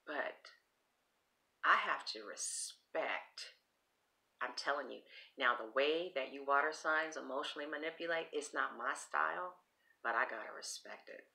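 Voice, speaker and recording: A woman's voice: very deep voice, measured pace, vocal fry, pushed and bright. A woman reading tarot cards in a casual vlog, rambling, blunt and swearing freely. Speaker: tarot reader.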